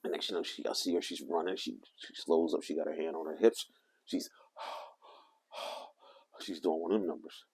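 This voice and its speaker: An older man telling a rambling, animated story to the camera. He often corrects himself as he talks. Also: a bass voice, normal speed, slightly rough. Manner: animated, meandering, self-correcting. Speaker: vlogger.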